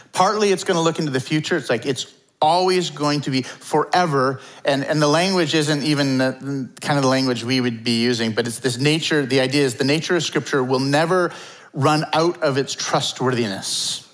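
Male pastor, mid-pitched voice, preaching in a loose conversational style with acted-out asides. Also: a bit bright, rough recording. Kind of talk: sermon. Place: church hall before a congregation.

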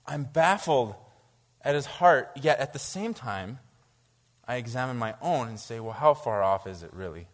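Male preacher, animated sermon, mid-pitched voice, long hall reverb. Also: normal speed. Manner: animated, reads scripture aloud and reacts with incredulity. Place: church.

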